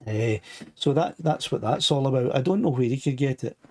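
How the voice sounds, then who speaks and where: Older Scottish host with a touch of throat trouble; rambling, chatty, reading out comments. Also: male voice, mid-range voice, lively intonation, brisk. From Scotland. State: a bit of a sore throat. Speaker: live stream host. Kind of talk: casual live stream chat.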